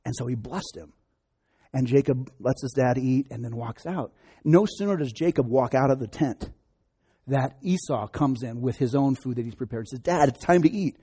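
A man's voice: medium pitch, moderate pace, mellow, slightly rough. A man preaching a sermon, retelling a scripture story conversationally with joking asides. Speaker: pastor.

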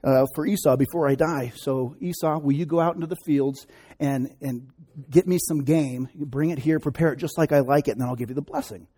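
A man's voice: a little high, fairly quick, dark tone, slightly rough. A man doing an old blind dying father. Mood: fretful.

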